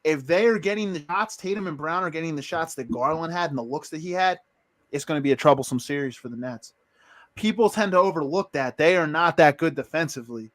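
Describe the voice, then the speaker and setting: A man co-hosting a casual sports podcast, his voice sitting a little high. He talks with confidence and strong opinions, often repeating a word or two as he gets a thought going. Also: a bit bright. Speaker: podcast co-host.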